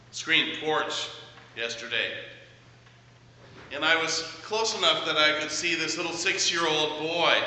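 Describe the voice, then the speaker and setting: Middle-aged male pastor, sharp tone, measured storyteller; echoey church hall from a distance. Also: a little high, slight background noise. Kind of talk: sermon. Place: church sanctuary.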